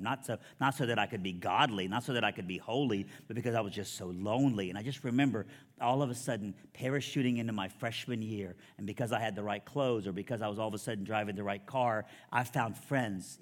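A man preaching his testimony as a sermon, telling his story with lively quoted dialogue. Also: fairly low pitch, in a large hall.

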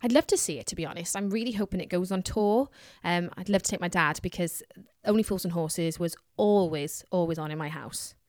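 A woman's voice: lowish voice, a little fast, few pauses, darkish tone, no echo. A woman co-hosting a radio show, chatting casually and teasing her co-host as she reads out cast news.

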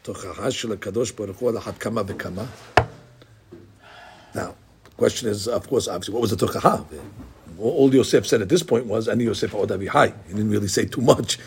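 A man teaching a Talmud class in an animated, repetitive way, dropping Hebrew and Aramaic terms into his speech. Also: on the low side, brisk, creaky, slightly rough. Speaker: Torah teacher.

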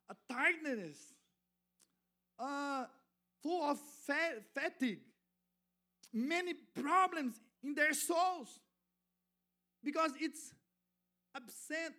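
A man, not a native English speaker, preaching as a guest pastor in halting, self-correcting English that builds to fervent shouting. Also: extremely high pitch. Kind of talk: sermon.

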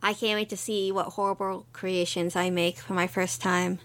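A woman's voice: lowish voice, flat delivery, normal speed, fairly bright tone. A young woman co-hosting a podcast, chatting in an easygoing way and retelling anime scenes. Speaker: podcast co-host. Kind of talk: casual anime recap chat.

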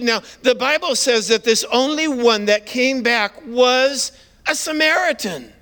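A man preaching as a guest pastor, telling Bible stories in an animated way and acting out the characters. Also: sits high, measured pace. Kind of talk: sermon.

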